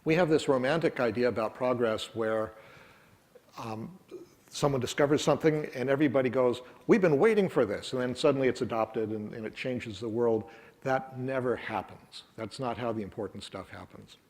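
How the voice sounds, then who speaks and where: A man's voice: medium pitch, moderate pace. Middle aged guy giving a conference talk, wry and chatty, lots of ums. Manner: wry, conversational, many ums and uhs. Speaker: conference speaker. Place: conference room.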